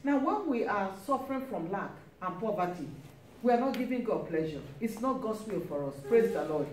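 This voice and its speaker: A woman's voice: mid-range voice, lively intonation, moderate pace, a little mellow. A woman preaching a sermon, emphatic and repeating key phrases with frequent calls of praise. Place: church hall. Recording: echoey church, mic at a distance, faint hiss.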